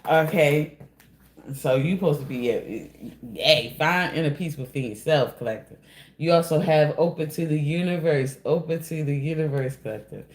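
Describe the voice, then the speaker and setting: A man's voice: on the high side, normal speed, echoey room. A man doing a casual, rambling tarot card reading, repeatedly addressing his listeners as collective.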